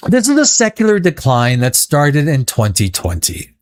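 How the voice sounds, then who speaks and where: A man hosts a loose pop-culture commentary show in a somewhat high, very lively voice. He rambles and restarts his sentences, sliding into profane rants. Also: normal speed. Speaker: show host.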